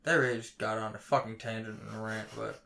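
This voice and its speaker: A young man ranting heatedly on a casual podcast, swearing constantly and swinging between loud outbursts and low mutters. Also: level tone, fast talker, gravelly. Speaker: podcast co-host.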